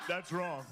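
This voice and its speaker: A man joins a casual stream chat, swearing freely and laughing often. His voice is lively and slightly high, and a clear hiss sits under it. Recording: noisy stream mic.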